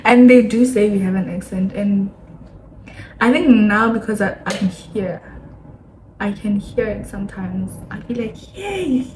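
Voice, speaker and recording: A woman in her twenties from Botswana with a Botswana accent, chatting casually to camera in a sit-down vlog, animated and acting out the people she quotes. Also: medium pitch, a little slow, a little hiss or hum. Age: 20s. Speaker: vlogger. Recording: echoey room, faint ambience.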